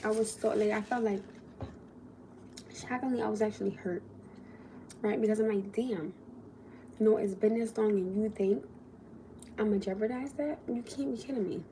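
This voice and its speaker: A young adult woman telling a story on a casual livestream, animated, swearing and quoting the people involved. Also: medium pitch, normal speed, long pauses, slight background noise.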